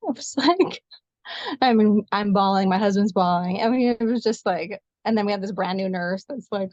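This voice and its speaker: A woman's voice: mid-range voice, no echo, lo-fi sound. Woman retelling her birth story. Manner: fast, animated retelling with quoted dialogue. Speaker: guest, nurse sharing her birth story. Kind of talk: emotional personal storytelling.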